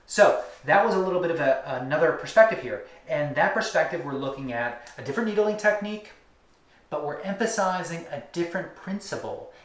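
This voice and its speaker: A man with a slightly raised pitch teaching a hands-on technique, pacing his speech in slow, rhythmic repetitions that sink to near-whispers. He explains patiently in an instructional demonstration style. The sound carries a noticeable room echo. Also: expressive. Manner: rhythmic, drawn-out emphasis, drops to near-whispers on repeated words. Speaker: acupuncture teacher.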